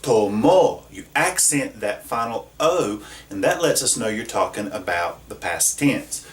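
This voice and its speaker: A man's voice: fairly low pitch, expressive. Patient man teaching Spanish, echoey room. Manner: slow, patient, checks in with "okay?". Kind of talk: classroom lesson at a whiteboard. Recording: echoey room, mic at a distance.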